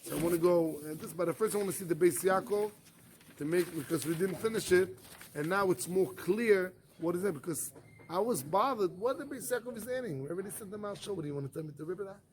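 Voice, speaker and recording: Rabbi guy teaching talmud, pretty high voice, keeps asking and answering his own questions, broken-ish english. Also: fast talker, slight background noise. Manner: asks rhetorical questions and answers them himself; animated, acts out the arguments in first person. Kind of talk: Talmud study lecture.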